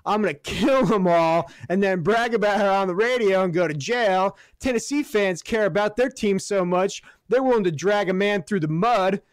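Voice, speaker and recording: Guy with a pretty high voice ranting about football, swearing, sarcastic and worked up, dry close mic. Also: no room sound. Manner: heated, sarcastic, swearing, builds to shouts. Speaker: podcast co-host. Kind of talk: profane sports rant.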